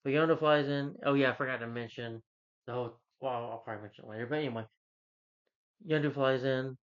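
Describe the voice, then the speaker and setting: A man's voice: mid-range voice, steady tone, fast. A man casually recapping a movie plot, rambling and filling with "like" and "you know.". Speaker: movie reviewer. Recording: dull lo-fi recording.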